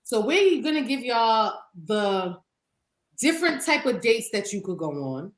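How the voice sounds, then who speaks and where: A woman co-hosting a podcast, chatting casually in an animated, profane way and laughing often. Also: a little high, measured pace, roomy sound, poor audio. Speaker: podcast co-host. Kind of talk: casual chat.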